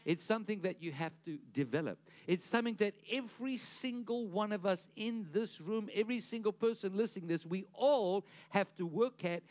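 A man's voice: high-pitched, fairly quick, hardly any pauses, a little mellow. A man preaching a sermon to a congregation, pushing his voice up for emphasis, asking the room questions and stumbling into restarts. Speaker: pastor.

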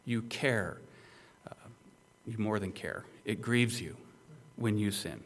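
A man's voice: lowish voice, slow. A male pastor preaching an expository sermon, emphatic and conversational, with rhetorical questions to the listeners.

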